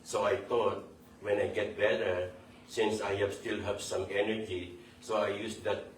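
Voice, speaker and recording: A low-voiced man talks in a flat, even tone, drifting through loose sentences full of fillers and non-native grammar. He stands away from the mic in a large temple hall, so his voice echoes. Faint background noise runs underneath. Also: unhurried, far from the mic. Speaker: devotee giving a homage. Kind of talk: informal spoken tribute.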